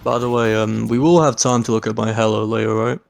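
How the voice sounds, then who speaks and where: A man's voice: fairly low pitch, steady tone, fairly quick, gravelly. A man being coached on his gameplay, talking casually and agreeably with lots of filler words. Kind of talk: casual chat.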